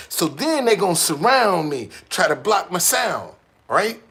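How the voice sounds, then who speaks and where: A man telling stories casually to a small group, animated and profane, repeating words as he goes. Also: high voice, normal speed, gravelly, slightly rough.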